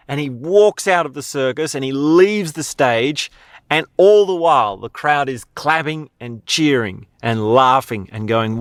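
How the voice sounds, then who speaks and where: A man's voice: mid-range voice, unhurried, no echo, studio quality. A man with an Australian accent hosting a podcast in a casual, conversational monologue, often tagging sentences with questions. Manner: conversational, frequent "right?" tag questions. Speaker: podcast host.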